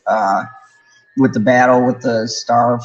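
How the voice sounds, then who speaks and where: A man's voice: medium pitch, fairly even intonation, slow, muffled recording. A man who teaches martial arts, chatting casually as a guest and ranting in a laid-back way. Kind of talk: casual fan chat.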